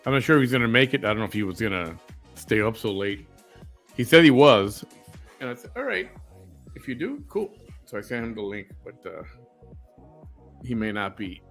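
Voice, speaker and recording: A man's voice: lowish voice, fairly quick, long pauses, a bit bright, soft background music. A man hosting a late-night casual chat, easygoing, laughing often and greeting viewers by name. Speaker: host.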